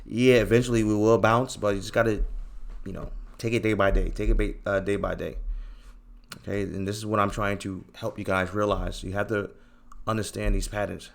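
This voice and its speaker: A man hosting a trading channel gives his viewers casual chart commentary, animated, teasing, slangy, and repeating himself for emphasis. His voice is lowish and creaky, and he talks briskly.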